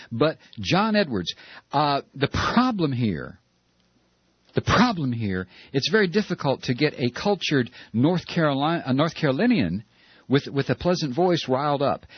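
A man's voice: fairly high pitch, breathy edge, no echo, lo-fi sound. A man hosting a talk radio show, delivering a heated, sarcastic opinion monologue.

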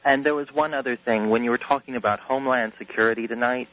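A man calling in to a talk radio show. He speaks in an earnest, measured way, in a mid-range voice. The line sounds dull and lo-fi. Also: medium pitch, steady tone. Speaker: caller. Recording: muffled lo-fi broadcast audio.

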